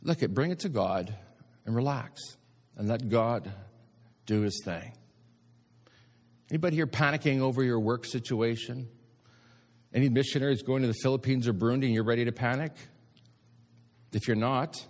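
A man's voice: mid-range voice, normal speed, pauses often. A male pastor preaching a sermon in an emphatic, rousing way, calling out to his listeners again and again. His voice sits in a middle range and carries a long hall reverb. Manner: emphatic preaching with repeated appeals to the congregation.

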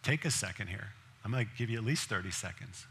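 A man's voice: fairly low pitch, lively intonation, quick pace, pushed and bright. A male pastor preaching a sermon in a conversational way, asking the congregation direct questions.

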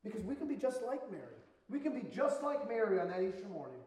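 A male pastor preaching a sermon in a casual, conversational way, moving between hushed and emphatic passages. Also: sits high, sing-song, fast talker. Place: church sanctuary. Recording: echoey church hall, mic at a distance.

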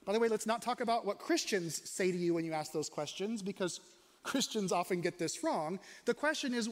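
Male pastor, high-pitched, chatty questioning delivery, reverberant hall sound. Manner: conversational, questioning, varies pace for emphasis. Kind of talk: sermon.

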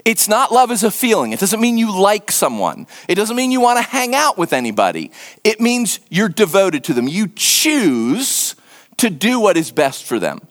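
A man preaching a sermon in an earnest, emphatic way, sometimes dropping to a hushed voice and repeating words for stress. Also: high voice, huge pitch swings, moderate pace. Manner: repeats words and restarts when stressing a point. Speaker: pastor.

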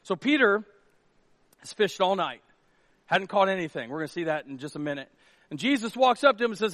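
Animated, jokey high-voiced pastor. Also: male voice, fairly quick, long pauses, no echo. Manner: animated, jokey storytelling with acted asides. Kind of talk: sermon.

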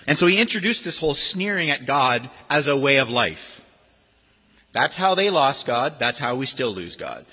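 A man delivering a sermon with a lively, swooping delivery and a slightly husky tone. His voice is bright and fairly high for a man. It rings out with a long reverb through a church hall. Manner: animated, acts out sneering voices. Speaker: pastor. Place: church sanctuary.

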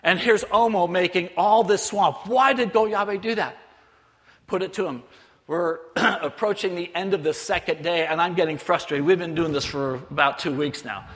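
A man giving a missionary sermon as a lively story, acting out other people's voices. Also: high voice, moderate pace. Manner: animated, acts out voices of others. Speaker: missionary speaker. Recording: long hall reverb.

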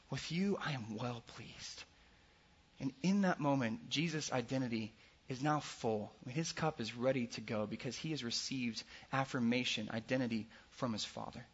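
A man preaching with a bright, forceful edge and a faintly husky grain. He is earnest and swings between loud emphasis and hushed passages. The recording sounds dull and lo-fi. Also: mid-range voice. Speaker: pastor. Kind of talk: sermon.

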